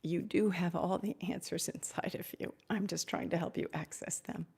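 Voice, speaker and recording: Gravelly-voiced woman leading a meditation. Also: on the low side, fairly even intonation. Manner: soft, slow, repetitive, devotional. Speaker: spiritual teacher hosting a live Q&A. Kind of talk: guided meditation and blessing.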